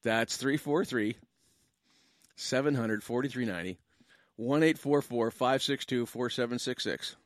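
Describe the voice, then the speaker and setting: A man's voice: medium pitch, unhurried, no echo, clean studio sound. A Canadian man hosting a call-in talk radio show as a pastor, chatting in a joking, rambling way with lots of asides.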